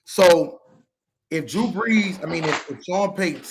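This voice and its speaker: A man with a fairly high voice, co-hosting a sports podcast. He rambles and gets heated, swearing freely. A faint hiss and occasional clicks sit under his voice. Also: measured pace. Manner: animated, heated, profane, rambling. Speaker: podcast co-host. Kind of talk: casual sports chat.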